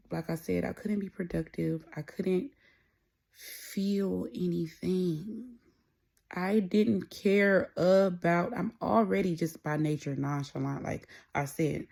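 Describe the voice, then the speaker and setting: A woman's voice: on the low side, gravelly, darkish tone. Candid, rambling woman talking. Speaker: podcast host. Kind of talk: casual solo monologue.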